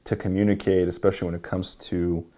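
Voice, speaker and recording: A man's voice: low voice, little pitch movement, quick pace, background noise. A man teaching a workshop as a dating coach, explaining and demonstrating how to deliver lines.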